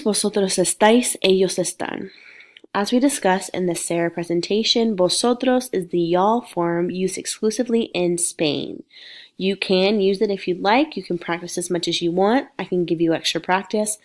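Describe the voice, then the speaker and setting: A woman teacher talks through a recorded lesson, steady and patient in how she explains things. She has a cold, and a slight sniffle comes through her voice. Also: on the low side. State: sick with sniffles. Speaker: Spanish teacher. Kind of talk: recorded lecture.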